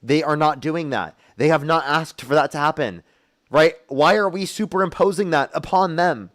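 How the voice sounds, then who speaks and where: This young streamer's voice is fairly high and a bit bright, at normal speed. He hosts a heated live political debate, trading profane, combative jabs with guests and quickly thanking donors.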